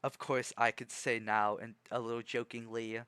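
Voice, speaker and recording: A young man streaming and chatting casually, rambling in a calm, measured way with many restarts and fillers. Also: medium pitch, clear, resonant tone, dry recording. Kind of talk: casual livestream chat.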